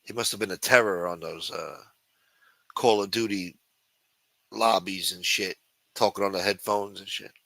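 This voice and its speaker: A man's voice: low-pitched, steady tone, moderate pace, vocal fry, long pauses, a bit bright, no echo. A man hosting a livestream, talking in a brash, profane mob boss persona. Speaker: livestream show host.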